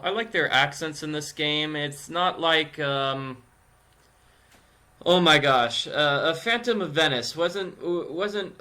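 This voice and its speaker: Guy rambling thru a game playthrough, bright voice, kinda high, goofy and chatty. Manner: chatty, playful, rambling with restarts. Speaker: gaming video host. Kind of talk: casual let's-play commentary.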